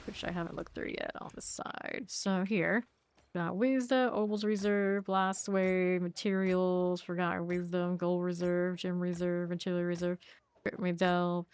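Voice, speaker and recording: A woman streaming a game, chatting casually with her chat and muttering item names while she loots. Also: on the low side. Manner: chatty, reads chat aloud and answers it, with quick asides.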